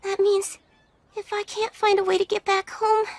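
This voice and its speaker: A woman's voice: extremely high pitch, little pitch movement, moderate pace, dry recording. A woman voicing a polite, earnest young witch girl in an anime dub.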